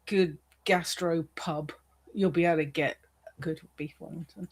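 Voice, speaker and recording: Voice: mid-range voice, fairly even intonation, measured pace, husky. A speaker chatting casually in a group, teasing others with dry humor. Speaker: show regular.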